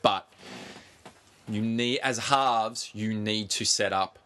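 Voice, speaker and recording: A man co-hosting a casual sports podcast, animated, swearing freely and pushing on through interruptions. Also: lowish voice, slow. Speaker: podcast co-host.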